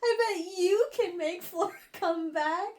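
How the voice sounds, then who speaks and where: A woman voicing a grieving young woman who wails high and tearful while retelling a novel's scene. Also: measured pace, a little mellow. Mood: sobbing.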